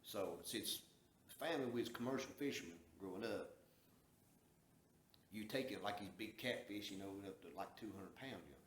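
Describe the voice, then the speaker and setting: A man's voice: fairly low pitch, normal speed. Man, from the southern US, folksy drawling storyteller, echoey room, faint background hum. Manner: folksy, drawling, acts out quoted dialogue. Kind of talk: casual storytelling.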